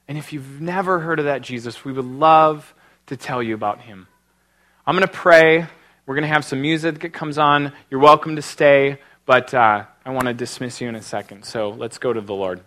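A man's voice: medium pitch, a bit bright. A middle-aged man preaching a sermon, telling a personal story with earnest emotion and then leading a prayer. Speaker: pastor.

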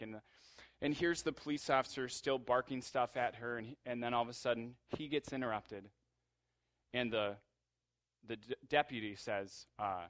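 A man's voice: mid-range voice, steady tone, a little slow, a bit bright, no room sound. A man telling a story vividly and acting out the people in it.

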